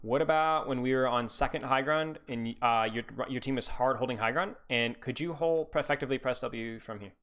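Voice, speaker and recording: A man's voice: medium pitch, fairly quick, few pauses, a bit bright. Male coach, live-stream review. Rambling, teasing, restarts often. Mid-range voice.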